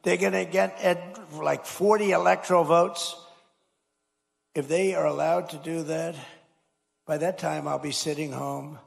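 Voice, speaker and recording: A man's voice: on the high side, steady tone, unhurried, vocal fry. A man, a politician, giving a rambling, repetitive and emphatic rally speech from a podium mic in a large school hall. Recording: long hall reverb.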